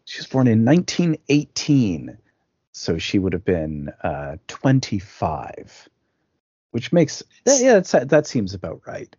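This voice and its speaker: A man's voice: fairly low pitch, wildly swooping pitch, takes it slowly, warm tone, slightly rough, no room sound. A man co-hosting a podcast, recapping a film in casual talk, rambling with lots of fillers and restarts. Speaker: podcast co-host. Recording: dull lo-fi dry sound.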